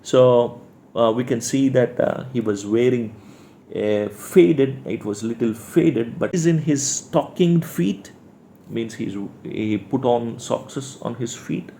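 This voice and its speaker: A man's voice: medium pitch, slow pace, creaky, mellow, slight background noise. A male teacher with an Indian English accent explaining a play line by line, restating words for his class.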